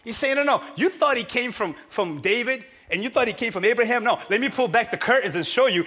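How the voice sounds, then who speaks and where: A man preaching a sermon to a congregation, energetic and often shouting. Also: very high voice, quick pace, few pauses, slightly rough. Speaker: pastor. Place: church hall with congregation.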